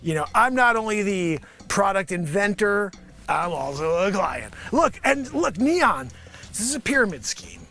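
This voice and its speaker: Manic, high, lively comedian man. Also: measured pace, faint music behind. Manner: manic, rambling, sarcastic, swings between loud outbursts and mutters. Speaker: host of a live improv comedy and music show. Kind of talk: improvised comedy bit, pitching a product to investors.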